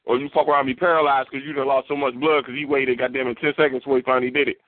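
Brief: quick, slightly high man, profane storyteller, dry tinny phone-like audio. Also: dry recording. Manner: profane, animated, acts out quoted voices. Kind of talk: casual chat, storytelling.

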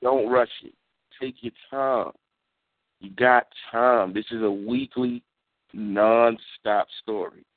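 A man's voice: mid-range voice, steady tone, takes it slowly. A man co-hosting a wrestling podcast, casual and emphatic, repeating his points. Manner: repetitive, emphatic, says "you know what I mean". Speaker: podcast co-host. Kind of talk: casual chat. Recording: dry tinny phone-like sound.

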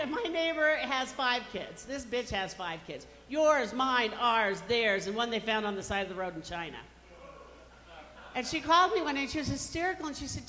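Brash bright-voiced woman comic. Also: fairly high pitch, lively intonation, moderate pace. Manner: brash, self-mocking punchline delivery. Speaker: stand-up comedian. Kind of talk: stand-up comedy routine. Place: comedy club stage. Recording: reverberant hall, faint background noise.

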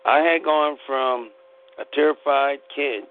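A man's voice: medium pitch, takes it slowly. A middle-aged man from Pittsburgh, telling a personal story in a blunt, profane, rambling way. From Pittsburgh, United States. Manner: blunt, profane, animated retelling. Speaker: podcast host. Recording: tinny phone-like line.

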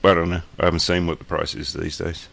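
An Australian man with an extremely low voice and a gravelly, creaky edge, co-hosting in loose casual chat. He jokes around and swears freely, heard through a remote call mic. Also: level tone, fast, a bit bright. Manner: joking, loose and profane. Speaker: podcast co-host.

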